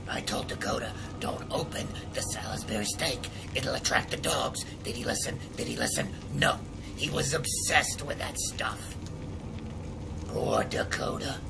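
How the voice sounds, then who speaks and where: A man voicing a paranoid old male trader who lives in the sewers, talking excitably and repeating words with rising alarm in game dialogue. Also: mid-range voice, noisy background, exaggerated voice. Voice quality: gravelly.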